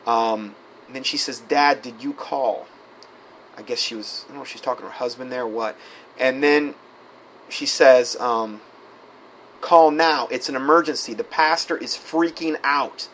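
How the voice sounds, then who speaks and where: Male preacher, mid pitch, reads quoted messages with frequent asides, faint noise behind. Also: moderate pace, a bit bright, low-quality recording. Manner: reads quoted texts aloud with asides, many fillers. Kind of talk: sermon-style recounting.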